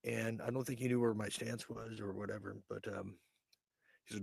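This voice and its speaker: A man hosting a late-night podcast, delivering a ranting, sarcastic monologue full of halting fillers. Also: on the low side, flat delivery, vocal fry, darkish tone, breathy edge, no room sound. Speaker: podcast host.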